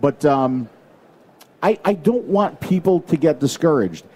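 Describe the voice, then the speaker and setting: A man with an American accent whose voice sits on the high side yet sounds soft and mellow. He talks to a conference audience in a loose, emphatic way, circling back with fillers and repeated words. Picked up on a stage mic. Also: animated, a little slow, breathy edge. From United States. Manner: emphatic, rambling, many fillers. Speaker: conference panelist. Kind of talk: casual conference talk.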